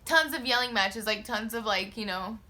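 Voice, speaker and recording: A woman's voice: fairly high pitch, normal speed. A young woman vlogger telling a casual storytime, slangy and profane, with lots of filler words and acted-out quotes. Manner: expressive, acts out her own quotes.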